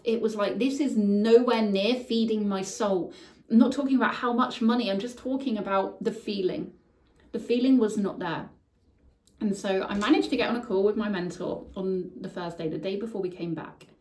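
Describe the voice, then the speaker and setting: A woman's voice: a little high, darkish tone. A woman speaks candidly about a hard time in her life, her voice open and emotional, with casual swearing. She sounds a little distant from the microphone in an echoey room. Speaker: podcast host telling her story. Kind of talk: personal storytelling monologue. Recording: echoey room, voice somewhat far from mic.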